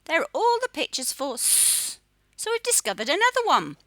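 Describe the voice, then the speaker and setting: A woman teaching a children's phonics lesson, sounding out letters in a slow, sing-song way. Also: sits high, wildly swooping pitch, pushed and bright, dry recording. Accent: Australian.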